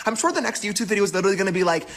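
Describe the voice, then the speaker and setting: Brief: sassy man on a sarcastic rant, lively pitch, bright tone. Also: rapid-fire. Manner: mocking, sassy, expressive. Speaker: influencer in a played clip.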